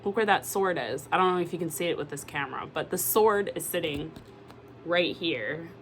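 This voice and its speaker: A woman doing a casual tarot reading to camera, animated and exclamatory, swearing freely. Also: fairly low pitch, moderate pace, slight background noise. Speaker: tarot reader.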